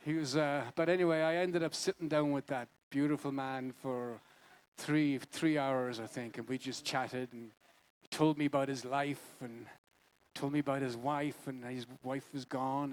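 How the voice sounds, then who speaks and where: A man's voice: mid-range voice, slight background noise. A man fronting a band, telling a rambling, jokey and wistful story on stage between songs. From Ireland. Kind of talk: stage banter and storytelling at a live concert. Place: live music venue.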